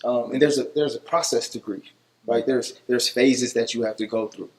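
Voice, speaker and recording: Man, thoughtful, questioning, mid-pitch, conversational. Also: fairly even intonation, normal speed, darkish tone, rough recording. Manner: questioning, thoughtful, many fillers. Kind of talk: casual group discussion.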